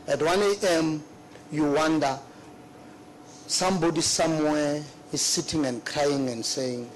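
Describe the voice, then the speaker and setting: A middle-aged man giving formal testimony at a hearing, earnest and remorseful, halting and repeating himself. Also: a little high, a little hiss or hum, rough recording. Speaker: witness at a public hearing.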